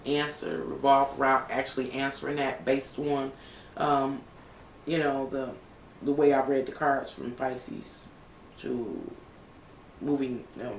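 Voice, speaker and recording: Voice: medium pitch, fairly bright tone. A tarot reader giving a casual, emotional reading to viewers, emphatic and rambling with many fillers. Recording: echoey room, voice far from the mic, faint noise.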